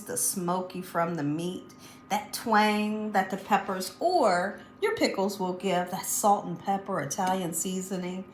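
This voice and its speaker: A woman's voice: mid-range voice, roomy sound, a little hiss or hum. A middle-aged woman hosting a home cooking show, chatty and enthusiastic, talking straight to her viewers. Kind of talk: casual home cooking demonstration. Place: home kitchen.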